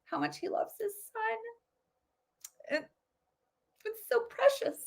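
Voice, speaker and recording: A woman's voice: extremely high pitch, animated, slow pace, vocal fry, pitched above the performer's own voice, full character voice. A woman voicing a gushing, sentimental onlooker in a mocking, syrupy tone.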